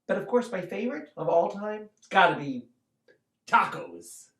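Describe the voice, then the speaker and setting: A performer putting on a bouncy, goofy mascot voice that swoops wildly from low growls to high squeaks, gushing with delight. It sounds off-mic in a roomy, echoey space. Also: very animated, moderate pace, a bit bright, far from the mic. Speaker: mascot character.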